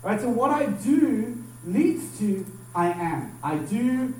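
A young man gives a conversational sermon, his voice pitched high for a man. He keeps checking in with the room as he talks. The sound carries the ring of a reverberant hall, picked up from a distance. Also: very animated, normal speed, few pauses, a little mellow, a little hiss or hum. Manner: conversational, repeats "right?" to the congregation. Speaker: pastor. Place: church hall. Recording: echoey hall, voice from far off.

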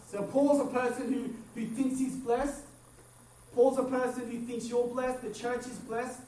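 A man preaching a sermon, animated, acting out quotes and swinging from loud to hushed. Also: very high-pitched, a little slow. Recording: echoey room, mic at a distance, faint background noise.

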